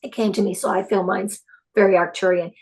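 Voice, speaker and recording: A woman guest on a podcast, telling personal stories in an excitable, animated way. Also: mid-range voice, a little fast. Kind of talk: casual spiritual interview chat.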